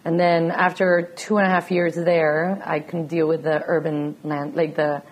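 A woman from Venezuela recounts her path as an artist in a deep, low voice. She tells it with animation and laughs easily. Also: level tone, normal speed. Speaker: guest artist. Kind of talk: casual interview chat.

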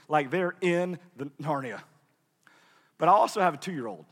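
A man's voice: on the high side, animated, moderate pace. Preacher man in a reverberant hall. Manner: swings from hushed murmurs to shouted peaks. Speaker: pastor. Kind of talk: sermon.

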